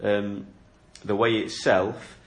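A man's voice: lowish voice, little pitch movement, slow pace. A man preaching a sermon, explaining a Bible passage in an earnest, questioning way. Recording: echoey room.

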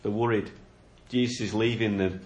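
A man's voice: fairly low pitch, steady tone, normal speed, darkish tone, slight background noise. A man preaching a sermon, explaining a Bible passage in an earnest, questioning way. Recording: echoey room.

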